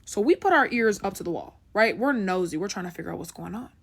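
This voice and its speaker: A woman's voice: medium pitch, animated, fast, breathy edge. A young woman telling a story in a casual, chatty way, often checking in with the listener. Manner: chatty, keeps asking "right?".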